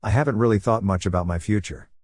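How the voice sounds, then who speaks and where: A man reading the lines of a laid-back, teasing adult male ninja teacher in an easygoing, unhurried way. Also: fairly low pitch, darkish tone, breathy edge, dry recording, clean studio sound.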